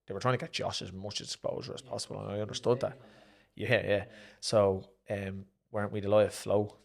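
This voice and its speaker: Talking a little fast in a low voice edged with vocal fry, this middle-aged Irishman recounts his boxing bouts as an interview guest. Once a pro boxer and later a promoter, he brings the casual stories to life by performing quoted lines loudly.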